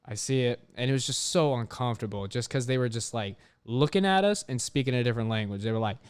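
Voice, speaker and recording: A young man, a podcast host, telling a story in casual chat, animated, swearing often and filling his talk with "like". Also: medium pitch, quick pace, smooth.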